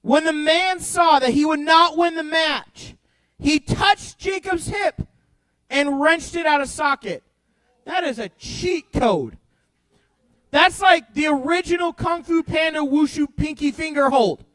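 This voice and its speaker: Young male youth pastor, very high-pitched, dry close sound, playful and animated, alternating loud bursts with hushed storytelling. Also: measured pace, no echo, poor audio. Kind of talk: lively youth-group Bible talk.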